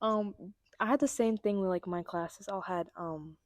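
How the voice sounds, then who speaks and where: A young woman co-hosting a casual chat, telling stories with dramatic, excitable reactions. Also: mid-range voice, moderate pace, dry recording, clean studio sound. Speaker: podcast co-host.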